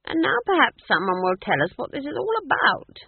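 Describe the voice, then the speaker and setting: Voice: mid-range voice, sing-song, fairly quick, slightly rough, no echo, pitched above the performer's own voice. Stern old witch as a reader plays her, level and dry, tinny dead recording.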